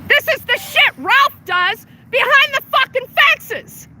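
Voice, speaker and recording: A woman's voice: very high voice, expressive, takes it slowly, bright, forceful tone. A woman activist filming a homeless camp sweep on a city street, angrily heckling and swearing at the workers, recorded on a handheld phone. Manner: angry, profane, heckling. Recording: street traffic noise.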